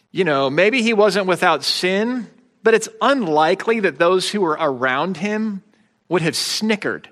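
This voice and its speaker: A man's voice: on the high side, fairly bright tone, big-room sound. A man preaching a sermon as pastor, in a conversational way with wry, joking asides.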